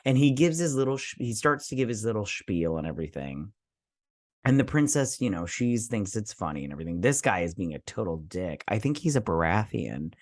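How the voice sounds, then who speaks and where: A man with a fairly low voice talks through a TV episode in a loose, rambling recap, full of fillers and offhand swearing. The sound is dry and close, with no room around it. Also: big pitch swings, brisk, dry recording. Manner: rambling, chatty, with frequent fillers and mild swearing. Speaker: show host reviewing a TV episode. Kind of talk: casual episode recap and review.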